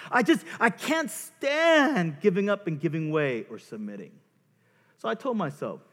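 Animated pastor in a big echoey hall. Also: male voice, high voice, measured pace. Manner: animated and joking, acts out voices of himself and his wife. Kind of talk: sermon. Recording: long hall reverb.

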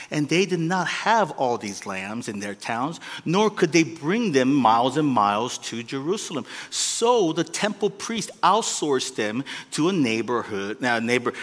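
A man preaching a sermon as a pastor, with animated delivery that swings between loud peaks and quiet asides. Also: mid-range voice. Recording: long reverb of a large hall.

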